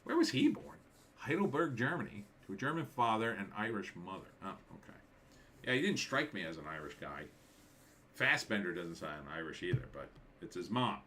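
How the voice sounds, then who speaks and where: Guy hosting a live stream, bright tense voice, offhand chatty asides as he reads a list. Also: lowish voice, very animated, a little hiss or hum. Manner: offhand, musing aloud with quick asides. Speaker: livestream host. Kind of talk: casual commentary reading a list.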